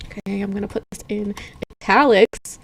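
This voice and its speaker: A woman's voice: medium pitch, steady tone, normal speed, husky. A woman chatting on a live stream while working on her comics, giggly and self-deprecating. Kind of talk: casual live-stream chat.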